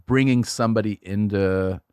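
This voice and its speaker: A man's voice: on the low side, normal speed, a little mellow, smooth, no echo. A man, a comedian guest on a podcast, talking in a rambling, profane, self-mocking way. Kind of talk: casual chat.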